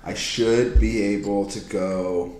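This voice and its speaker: A man from Canada, a comedian guest on a casual comedy podcast, ranting and stammering with a dry deadpan delivery. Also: fairly low pitch, slow pace, reverberant.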